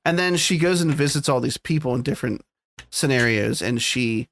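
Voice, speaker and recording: A man's voice: mid-range voice, normal speed, vocal fry, a bit bright, a little hiss or hum. A man co-hosting a podcast, chatting casually and animatedly retelling scenes with plenty of swearing. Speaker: podcast co-host. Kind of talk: casual chat.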